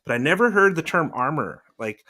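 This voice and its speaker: A man hosting a podcast, telling rambling stories in casual chat and slipping into lively voices to quote people. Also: a little high, brisk. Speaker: podcast host, former celebrity news producer.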